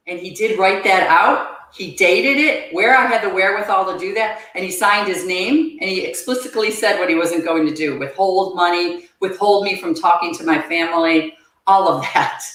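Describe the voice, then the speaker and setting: A woman appears as a podcast guest, sharing her own story earnestly but haltingly, often repeating words. Her voice is mid-range and slightly bright, and the room she's recorded in is very echoey.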